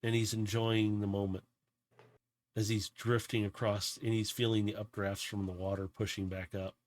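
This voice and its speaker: A man's voice: fairly low pitch, flat delivery, normal speed. A man narrating as game master of a tabletop game, loose and rambling with restarts.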